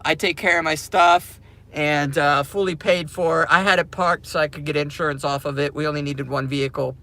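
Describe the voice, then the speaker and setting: A man ranting casually to camera as a crypto mining vlogger, excitable and slangy, laughing often. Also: on the high side, normal speed.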